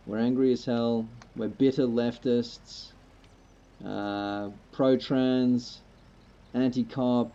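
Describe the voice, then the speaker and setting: Male streamer, relaxed and rambling, raspy gravel in the voice, slightly muffled lo-fi mic. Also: medium pitch. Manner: laid-back, rambling, joking. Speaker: livestreamer playing a farming game. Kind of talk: casual gameplay chat with viewers.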